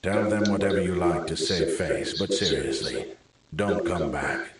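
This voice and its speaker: A man voicing a stern leader who softly warns rivals to stay away, in a storybook reading. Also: low-pitched, unhurried, a little hiss or hum. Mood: cold warning. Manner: quiet, threatening. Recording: very echoey room.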